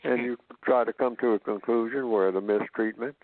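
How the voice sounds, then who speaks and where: A man speaking as a guest on a call-in radio show, explaining slowly and acting out example conversations. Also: medium pitch, fairly even intonation. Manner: explains slowly and acts out sample dialogues. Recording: dry tinny phone line.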